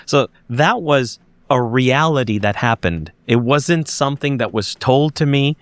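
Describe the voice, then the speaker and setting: A man in a podcast interview tells a personal story with emphatic insistence. He restarts his sentences often and gropes for words as he goes. His voice sits at an ordinary male pitch. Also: lively intonation, measured pace, no echo. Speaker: guest; investigator.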